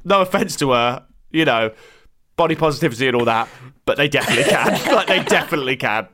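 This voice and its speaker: Lively man telling a comic story. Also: mid-range voice, fast talker, noisy background. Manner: animated anecdote-telling, acts out dialogue. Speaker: podcast host.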